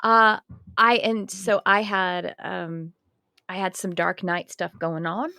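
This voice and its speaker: A woman chatting on a podcast, telling a story in a rambling, animated way and correcting herself mid-sentence. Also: fairly low pitch, slow, dry recording, studio quality. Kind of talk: casual podcast chat.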